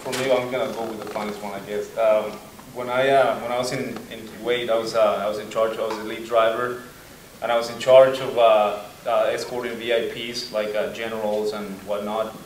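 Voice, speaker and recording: A young man with an accent telling a lively story at a veterans' panel, often laughing and acting out voices. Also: on the low side, brisk. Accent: non-native accent. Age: young adult. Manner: animated, laughing, acts out voices in anecdotes. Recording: echoey room, mic far off, faint noise.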